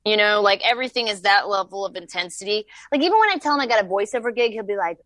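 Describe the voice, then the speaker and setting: A woman's voice: mid-range voice, animated, racing, hardly any pauses, a bit bright, no room sound. A young woman telling stories as a podcast guest, rambling with many fillers. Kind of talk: casual podcast chat.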